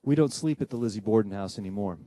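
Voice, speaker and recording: A man who works as a paranormal investigator, telling a personal ghost story with animated, dramatic delivery and acting out the voices of people in the story. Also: lowish voice, no echo. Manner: dramatic pauses and tension building.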